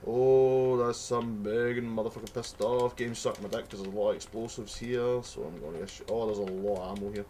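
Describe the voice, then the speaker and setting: A man's voice: fairly low pitch, steady tone, fairly quick, hardly any pauses, dark tone, a little hiss or hum. A young man with a Glaswegian accent giving sweary, rambling commentary while playing a video game. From Scotland. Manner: sweary, rambling, mock-outraged. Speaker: gamer. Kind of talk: let's play commentary.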